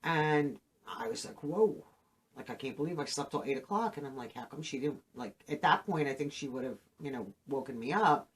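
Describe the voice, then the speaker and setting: A middle-aged woman who hosts her own channel tells a personal story to camera, halting and full of fillers, emotional and saddened. Her voice is extremely low.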